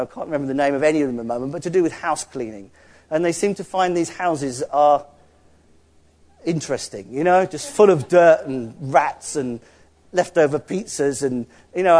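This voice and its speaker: A man's voice: high voice, darkish tone. A man preaching a sermon in an earnest, conversational way, with asides to the congregation.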